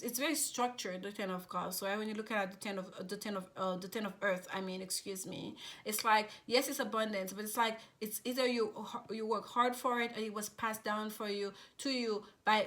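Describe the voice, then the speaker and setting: A woman's voice: medium pitch, a bit bright. A woman giving a casual tarot reading, chatty and rambling, with many fillers and restarts. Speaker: tarot reader.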